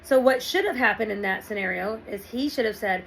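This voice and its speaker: A woman's voice: mid-range voice, a little fast, creaky, few pauses, a bit bright, a little hiss or hum, low-quality recording. A woman talking through relationship advice in a casual monologue, often checking in with "right?" and "okay".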